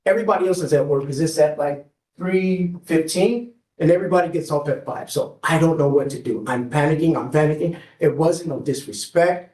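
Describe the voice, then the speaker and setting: A man's voice: on the high side, brisk, darkish tone. A man testifying as a defendant in a courtroom, telling his story in an anxious, rambling way and addressing the judge again and again. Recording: echoey courtroom, far from the mic.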